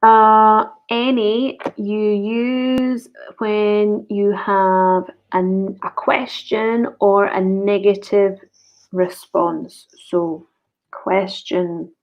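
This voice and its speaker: A woman teaching an online grammar lesson, slowly repeating each example sentence. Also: medium pitch, little pitch movement. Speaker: English teacher. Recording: dull lo-fi recording.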